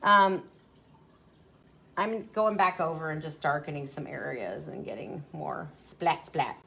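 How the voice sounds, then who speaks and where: A woman's voice: sits low, very animated, unhurried, creaky, a bit bright, husky. A woman dog groomer leading a live-stream grooming tutorial, chatty and self-mocking, laughing often as she works in a grooming salon. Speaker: dog groomer demonstrating dye techniques.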